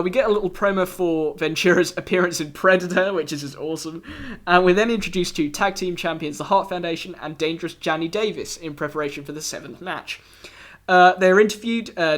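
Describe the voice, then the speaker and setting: A man's voice: on the high side, fairly bright tone. A man hosting a solo review podcast, talking casually with many fillers, restarts and wry asides. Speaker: podcast host reviewing wrestling.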